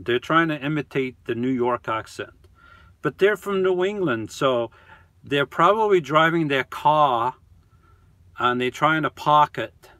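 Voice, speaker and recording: A man chatting on a live stream from inside his camper van. He talks at an unhurried, drawn-out pace, reading out viewer comments and replying to each in a relaxed, rambling way. The sound is close and dry, with no room echo. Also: mid-range voice. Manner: reads viewer comments aloud and answers them one by one; easygoing, chatty, with frequent trailing off. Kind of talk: casual live-stream chat.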